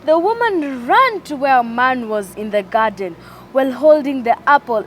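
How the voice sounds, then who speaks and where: A woman telling a Bible story to children in an expressive, animated way. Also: high voice, moderate pace, slight background noise.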